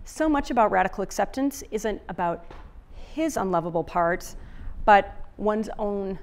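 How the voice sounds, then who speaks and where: A woman's voice: medium pitch, measured pace. Middle-aged woman, relationship author, conversational summit talk, chatty with lots of restarts, mid-range voice. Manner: chatty, many fillers and restarts.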